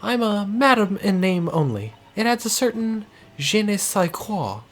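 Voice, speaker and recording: Man doing a young, stern French museum owner, rough accent attempt, lively lilt. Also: sits high, a little slow, slight background noise, voice pushed up, heavily acted. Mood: formal, stern. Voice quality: shaky put-on French accent. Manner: formal, stern and proper. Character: young mysterious woman who runs a waxwork museum.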